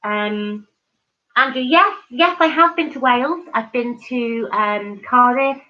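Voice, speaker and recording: A woman's voice: a little high, takes it slowly. A woman hosting a live stream, chatting casually and effusively with viewers, reading out their comments with many ums and restarts. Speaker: livestream host. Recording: dull lo-fi stream audio.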